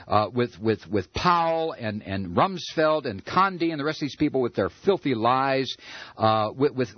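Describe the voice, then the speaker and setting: A man's voice: mid-range voice, slightly rough, dry recording, highs cut off. A man hosting a radio talk show, ranting in a furious political monologue, stammering and repeating words.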